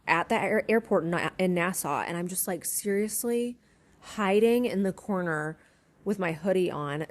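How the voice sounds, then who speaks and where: A woman's voice: lowish voice, darkish tone. A woman, a former yacht stewardess now captain, casually telling a story to camera, chatty and laughing often.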